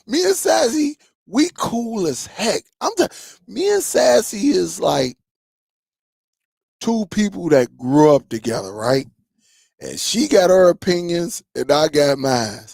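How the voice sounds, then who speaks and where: A man with a somewhat raised pitch and a gravelly, fry-laden edge talks straight to his viewers in a loose, rambling livestream chat. He laughs often and drifts from story to story. The sound is dry and close. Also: sing-song, slow pace, a little mellow, no room sound. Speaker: streaming tech channel host.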